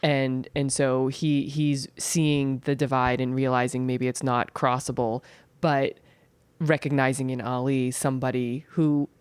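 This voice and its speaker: A man's voice: medium pitch, little pitch movement, unhurried, smooth, dry recording. A man in a casual film podcast, thinking aloud reflectively about a character's meaning. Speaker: podcast co-host.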